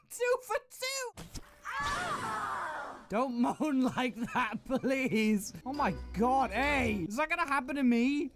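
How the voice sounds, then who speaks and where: A young woman reacts to her video game with a high voice, screaming, swearing and cracking up constantly. She drags out her words at an unhurried pace. Loud game music runs under her commentary. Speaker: gaming streamer. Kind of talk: gameplay commentary.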